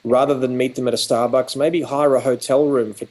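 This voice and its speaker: A man's voice: medium pitch, steady tone, fairly quick, a little mellow. A man with an Australian accent, a photography educator, chatting on a video call and acting out quoted exchanges as he talks. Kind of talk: animated conversational storytelling.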